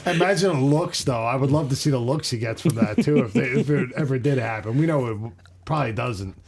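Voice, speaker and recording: A man's voice: medium pitch, brisk. Easygoing male co-host, crowd noise behind. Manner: easygoing, agreeable, chimes in with jokes. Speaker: podcast co-host. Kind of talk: casual comedic chat.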